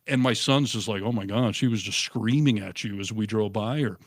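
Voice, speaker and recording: A middle-aged man in casual chat, telling stories with animated, acted-out quotes. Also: fairly low pitch, brisk, no room sound, clean studio sound. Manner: animated storyteller, acts out quotes. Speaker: co-host.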